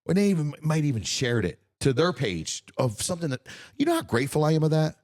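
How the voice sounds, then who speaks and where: A man's voice: a little high, big pitch swings, quick pace, a little mellow, no echo, studio quality. Ranting, profane male podcast host. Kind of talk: casual podcast chat.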